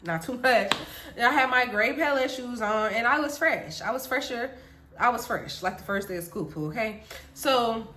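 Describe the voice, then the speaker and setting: A woman's voice: on the high side, moderate pace. A young woman from the Caribbean telling a storytime vlog, chatty and talking straight to her viewers. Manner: animated, chatty, addresses viewers directly. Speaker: vlogger. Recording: echoey room.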